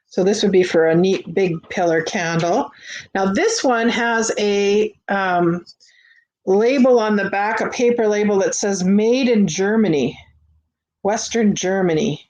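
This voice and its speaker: A woman's voice: medium pitch, darkish tone. A woman hosting a live vintage sale from her home, chatting casually with fillers as she shows each item. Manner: chatty, unhurried, with frequent fillers and restarts. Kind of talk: casual live-stream selling. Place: home on a busy street.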